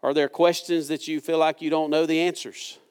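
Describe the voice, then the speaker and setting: A man's voice: a little high, little pitch movement, normal speed, darkish tone, clear, resonant tone. A man preaching a sermon in a church service, reading scripture and asking the congregation earnest, conversational questions. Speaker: pastor.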